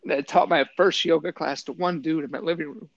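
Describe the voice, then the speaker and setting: Gravelly-voiced man telling war-veteran stories. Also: on the high side, brisk, no room sound, lo-fi sound. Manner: animated storyteller, acts out quotes with lots of "like". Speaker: guest, army veteran and yoga teacher. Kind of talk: casual storytelling interview.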